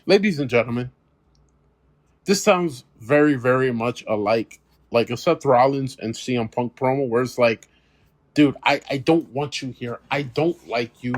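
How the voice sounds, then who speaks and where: Excitable man hosting a wrestling podcast. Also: medium pitch, measured pace. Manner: excitable, retells rivals' insults with frequent laughs; emphatic, addresses the audience directly. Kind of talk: casual solo commentary.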